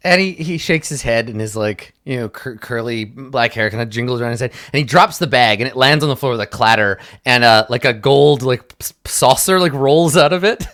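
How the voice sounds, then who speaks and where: A man's voice: mid-range voice, expressive, a little fast, few pauses, a bit bright. A man narrating a tabletop game as game master, rambling and hesitant, full of fillers.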